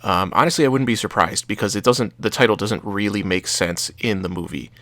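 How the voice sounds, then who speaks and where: Deep-voiced young guy chatting about old movies, loose and rambly, dry close sound. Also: a little fast, pushed and bright, no room sound. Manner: rambling, hesitant, fillers and restarts. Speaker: podcast co-host. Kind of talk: casual movie chat.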